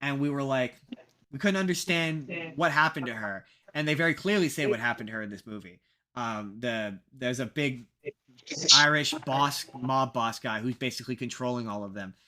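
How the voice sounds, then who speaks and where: A man's voice: medium pitch, moderate pace, sharp tone. A young man co-hosting a casual podcast, rambling and poking fun at himself, with lots of fillers and restarts. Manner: rambling, self-mocking, many fillers and restarts. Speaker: podcast co-host.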